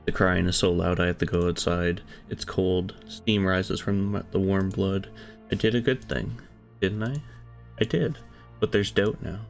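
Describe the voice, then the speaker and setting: A man narrating a dark first-person story in a hushed, brooding, confessional way. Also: low-pitched, creaky. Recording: soft music behind.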